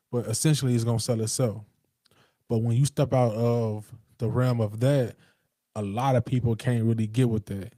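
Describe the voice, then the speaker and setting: A man with a mellow, relaxed voice holds forth in a loose, streetwise monologue. He swears freely, restarts his sentences and leans hard on his emphasis. The sound is dry and close, with no room around it. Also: medium pitch, no room sound. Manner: streetwise slang, emphatic, profane, rambling with restarts. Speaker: podcast host. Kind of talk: casual monologue.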